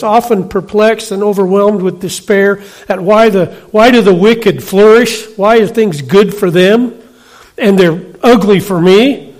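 A middle-aged man preaching a sermon in a conversational way, often checking in with the congregation with quick questions. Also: high-pitched, a little mellow. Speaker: pastor.

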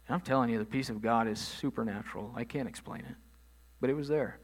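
A man's voice: medium pitch, quick pace. Man preaching a conversational sermon. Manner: conversational preaching, rising emphasis on key phrases. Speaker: pastor.

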